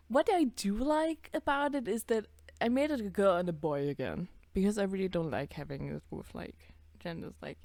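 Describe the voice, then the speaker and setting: A woman's voice: lowish voice, lively intonation, moderate pace, a little mellow, no room sound, faint music behind. A young woman casually reacting to her own old videos, swearing, laughing and putting on voices for the characters.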